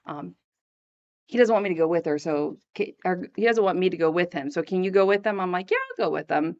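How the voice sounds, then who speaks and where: A woman's voice: fairly low pitch, fairly quick, darkish tone, no room sound, muffled recording. Chatty woman co-host, dry sound. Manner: chatty, laughs along and reacts to stories. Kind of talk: casual chat.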